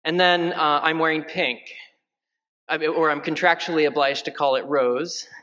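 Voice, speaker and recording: Give me a chatty male priest with a slightly high voice in a church with a long echo. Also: steady tone, normal speed, bright, forceful tone. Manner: chatty, joking, many fillers. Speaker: parish priest. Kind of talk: conversational homily. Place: large church.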